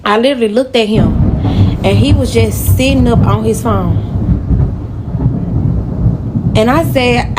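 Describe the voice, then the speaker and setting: Animated woman telling a personal story. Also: a little high, measured pace, pauses often, heavy background noise. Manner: animated, emotional, talks straight to viewers. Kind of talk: casual storytime to camera.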